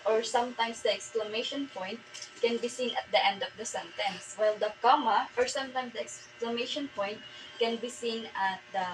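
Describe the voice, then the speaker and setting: A woman with a Filipino accent teaching a grammar lesson, reading aloud slowly with fillers and restarts. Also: a little high, background noise. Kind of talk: classroom lesson.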